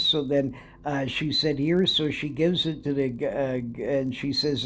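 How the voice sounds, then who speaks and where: A man's voice: mid-range voice, steady tone, measured pace, a bit bright. A man hosting a podcast, telling a story in a rambling, casual way, full of restarts and filler phrases, chuckling as he goes. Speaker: podcast host.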